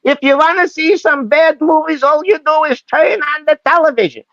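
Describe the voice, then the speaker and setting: A man doing an impression of an old film producer's high, exaggerated voice. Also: moderate pace, a bit bright, no room sound, dull audio. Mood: mimicking.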